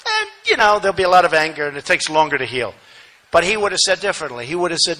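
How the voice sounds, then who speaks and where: A man giving a campaign rally speech, repeating phrases for emphasis and swinging between shouting and muttering asides. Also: high-pitched, very animated, quick pace, low-quality recording. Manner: repetitive, emphatic, rambling asides. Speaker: political speaker at a rally. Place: large rally venue, no seating.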